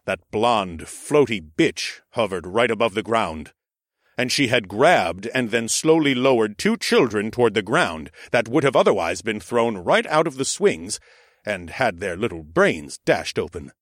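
A man narrating a first-person audiobook in an expressive, sardonic storytelling manner. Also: on the low side, unhurried, no echo, studio quality.

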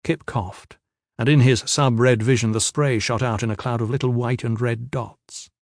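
A man reading a novel aloud as a narrator, measured and steady, shifting his pace with the action. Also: medium pitch, no room sound, clean studio sound. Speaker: audiobook narrator. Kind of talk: scripted narration.

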